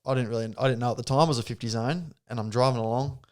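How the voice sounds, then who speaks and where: A young man with an Australian accent spins a story as a podcast guest. His voice sits in an ordinary middle pitch. He laughs often and acts out what others said. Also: very fast. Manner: animated storyteller, laughing, acting out quotes. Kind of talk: casual storytelling.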